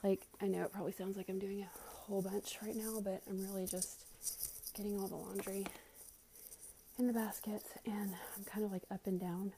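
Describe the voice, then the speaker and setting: A woman's voice: mid-range voice, little pitch movement, normal speed, gravelly, dark tone, slight background noise. A young woman vlogging casually while cleaning her living room at home. She is out of breath and rambles, with many fillers and sighs.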